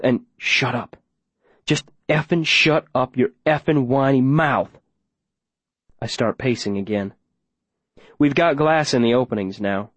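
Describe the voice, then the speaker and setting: A man's voice: medium pitch, a little mellow, no room sound. A man narrating an audiobook in the first person, with plain, tense storytelling.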